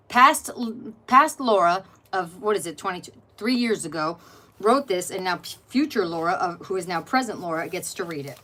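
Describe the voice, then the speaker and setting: A woman's voice: lowish voice, a little hiss or hum. A middle-aged woman hosting an art journaling channel, chatting casually while flipping through her journal and greeting viewers by name.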